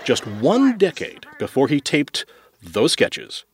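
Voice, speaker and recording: A man's voice: medium pitch, huge pitch swings, slow, background noise. A man co-hosting a podcast, joking in a wry, comic way. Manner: wry, comic delivery with sudden jumps. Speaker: podcast co-host. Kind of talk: casual chat.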